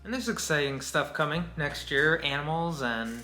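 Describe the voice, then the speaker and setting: A man's voice: fairly high pitch, lively intonation, moderate pace, pushed and bright, recorded from a distance. A man co-hosting a vlog while driving, chiming in with short joking comments. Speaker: vlog co-host. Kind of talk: casual chat. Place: driving a car.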